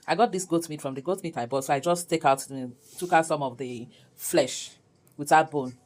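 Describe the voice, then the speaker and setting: A low-pitched woman walks viewers through a recipe, step by step. She speaks in a relaxed, chatty way and breaks into laughter now and then. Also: moderate pace, low-quality recording. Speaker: cooking channel host. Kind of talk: casual cooking tutorial narration.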